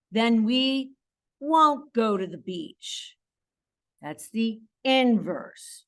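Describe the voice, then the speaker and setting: A woman math teacher talks slowly and with emphasis, leaning hard on key words as she walks students through a lesson. She keeps reassuring them and urging them to follow along. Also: medium pitch. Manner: encouraging, emphatic, stresses key words with hand signals. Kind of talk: classroom lesson video.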